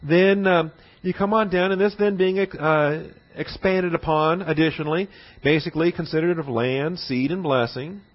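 A man's voice: on the high side, moderate pace. Man lecturing on the Bible, lo-fi. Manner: conversational, checks in often with "all right?" and "see?". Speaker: Bible teacher. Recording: dull lo-fi recording.

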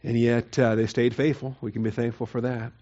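A pastor gives an expository sermon in a conversational style that rises into emphatic mock-quoting. His warm, medium-pitched voice moves little in pitch and runs a bit fast, on lo-fi sound.

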